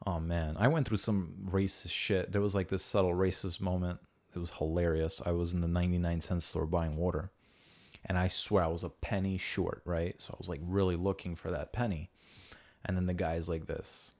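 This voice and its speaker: Deep-voiced man telling rambling stories. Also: fairly even intonation, moderate pace, a little mellow. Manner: rambling storyteller, swearing, acting out quotes. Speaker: podcast host. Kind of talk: casual podcast chat.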